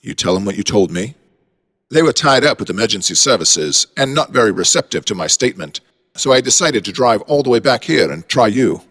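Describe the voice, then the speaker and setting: A man's voice: fairly low pitch, lively intonation, a little fast, fairly bright tone, long reverb tail. A man voicing a polite, uneasy British father on holiday, speaking with a British accent in formal, apologetic phrases. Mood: worried.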